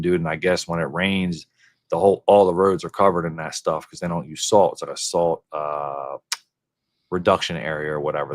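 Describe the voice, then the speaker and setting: Male podcast host, very low voice, upbeat slangy talker, casual. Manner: enthusiastic slangy banter. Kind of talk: casual chat.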